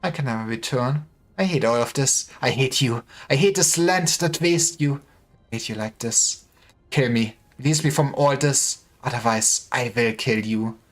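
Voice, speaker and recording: A streamer voicing a bitter, vengeful young swordswoman in a low, hushed, seething tone. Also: normal speed, close to an everyday voice. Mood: hateful.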